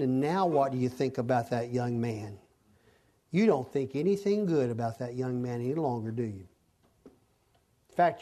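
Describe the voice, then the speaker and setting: A man's voice: a little high, a little mellow. A man teaching a Bible study lecture in a conversational way, often restarting his sentences.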